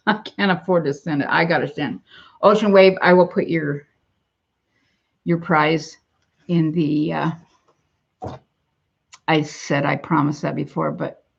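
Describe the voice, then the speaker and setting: Older woman vlogger, unhurried and gravelly, rambling chat with easy laughs, dull lo-fi phone sound. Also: low voice. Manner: rambling, laughs easily, slow and chatty. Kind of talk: casual chat. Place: at home, then out in the yard.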